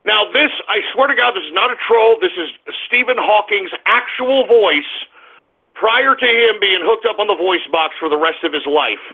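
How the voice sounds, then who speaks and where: A man's voice: high voice, moderate pace, breathy edge. A male radio talk show host delivering a combative, crude, ranting monologue. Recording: tinny phone-like radio sound.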